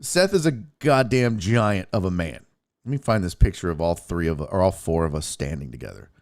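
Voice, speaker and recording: A young man with a low-sitting voice and moderate pace hosts his own podcast, telling road-trip stories. He swears casually, stays animated, and acts out quotes.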